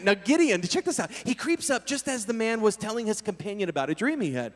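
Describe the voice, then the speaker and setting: A man preaching a sermon as a lively story, energetic and full of casual slang. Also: high-pitched, fairly quick, hardly any pauses. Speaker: pastor. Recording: long hall reverb.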